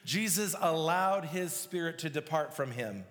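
A man's voice: on the high side, lively intonation, measured pace, fairly bright tone. A man preaching a sermon, reading scripture aloud and explaining it verse by verse with emphasis. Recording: long hall reverb.

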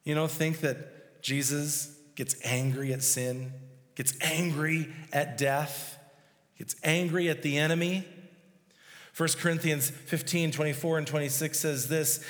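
A man's voice: a little high, steady tone, a little slow, fairly bright tone. A male pastor preaching a sermon in a conversational, emphatic way with casual asides. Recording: long reverb of a hall.

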